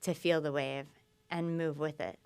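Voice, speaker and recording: A woman guest telling her story in conversation, lively and acting out quoted speech. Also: deep voice, unhurried, gravelly, smooth. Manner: animated, acts out quoted speech.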